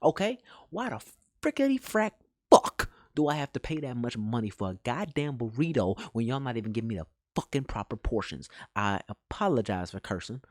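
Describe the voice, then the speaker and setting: A young man streaming live, ranting in an animated, profane, exasperated way. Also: mid-range voice, a little fast, dry recording, clean studio sound. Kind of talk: live-stream reaction rant.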